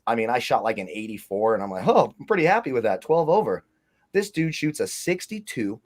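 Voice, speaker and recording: A man co-hosting a casual chat, telling long rambling stories with plenty of swearing. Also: mid-range voice. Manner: rambling, profane storytelling. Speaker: co-host.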